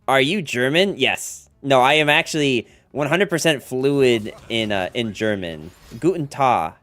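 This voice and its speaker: An American man talking through a card game on his live stream, chatty and playful as he teases his chat. His voice sits at a medium pitch but moves around a lot. Faint music plays under him. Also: lively intonation, unhurried, a bit bright. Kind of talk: casual gameplay commentary.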